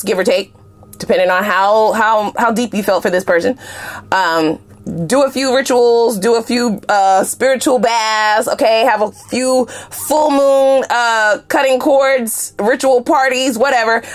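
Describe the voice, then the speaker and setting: A woman's voice: medium pitch, normal speed. A woman giving a casual tarot love reading to her viewers, chatty and emphatic, with slangy asides and repeated phrases. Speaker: tarot reader.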